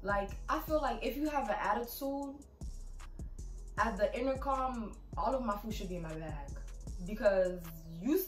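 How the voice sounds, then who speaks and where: A woman's voice: mid-range voice, moderate pace. A young woman vlogger ranting about her pet peeves in a sassy, emphatic way, full of "like". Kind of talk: casual ranting vlog. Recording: echoey room, far from mic, music behind.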